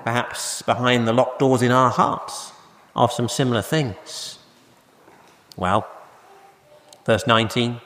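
A man preaching a sermon in a church, slow and emphatic, repeating key words for weight. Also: mid-range voice, a bit bright. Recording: echoey hall, faint ambience.

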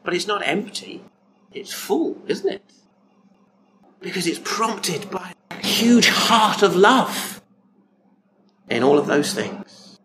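A man preaching a sermon in a slow, reflective way, repeating phrases and asking rhetorical questions. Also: high-pitched, lively intonation, background noise.

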